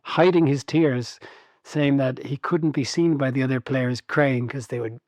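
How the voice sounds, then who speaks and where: A man's voice: medium pitch, fairly even intonation, unhurried, a little mellow, no echo. A man co-hosting a podcast in casual chat, amused and often laughing as he teases his co-host with questions.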